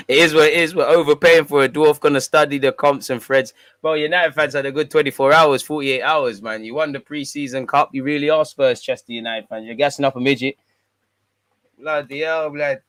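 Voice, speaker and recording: A man's voice: fairly high pitch, normal speed, fairly bright tone, dry recording. Slangy man with a dry voice. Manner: slangy, laid-back, bantering. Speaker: fan channel host. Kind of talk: casual livestream chat, reading viewer comments.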